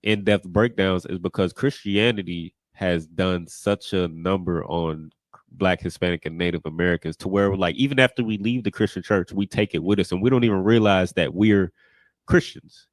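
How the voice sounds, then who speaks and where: A man's voice: sits low, moderate pace, no room sound. Casual-talking man teaching a class. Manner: casual, repeats "you know what I mean".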